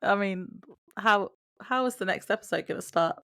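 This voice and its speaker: Gravelly-voiced woman podcast co-host. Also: medium pitch, a bit bright. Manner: laughing, quick reactions. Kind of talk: casual chat.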